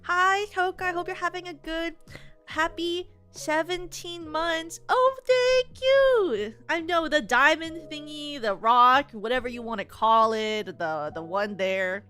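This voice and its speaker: A bright, fairly high-voiced young woman chats on a live stream, bubbly and rambling, full of fillers and sudden excited squeals. Faint music plays softly behind her. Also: unhurried. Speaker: VTuber streamer. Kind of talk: casual live-stream chat.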